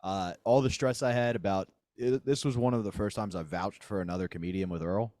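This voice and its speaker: A man, a stand-up comedian co-hosting a podcast, talking in a dry, irritable, deadpan way. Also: on the low side, fairly quick, no room sound. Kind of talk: casual comedic chat.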